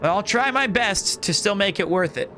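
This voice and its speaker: A man's voice: high-pitched, lively intonation, normal speed, bright, forceful tone, soft background music. A man streaming a video game, chatting casually and rambling to his viewers between puzzles. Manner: chatty, rambling, talks to chat. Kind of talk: casual gaming stream chat.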